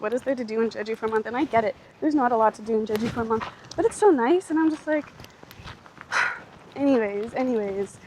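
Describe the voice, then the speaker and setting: With background noise behind her, a young woman talks casually to camera for her travel vlog, rambling, self-deprecating and full of "like." She speaks fast at a fairly high pitch.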